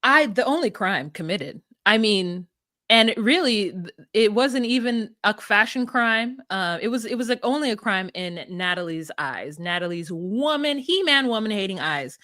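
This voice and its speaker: A woman's voice: mid-range voice, lively intonation, bright, forceful tone, no room sound, clean studio sound. A woman co-hosting a podcast, recapping reality TV in a playful, theatrical, casual chat over a home mic. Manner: playful, theatrical, quick asides. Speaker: podcast co-host.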